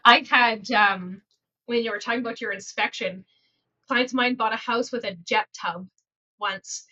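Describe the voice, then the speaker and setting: A woman hosting a podcast about real estate, telling stories in an animated, laughing, repetitive way. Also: a little high, normal speed, highs cut off. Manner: animated, laughing, repeats phrases for emphasis. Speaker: podcast host and realtor. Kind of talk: casual storytelling chat.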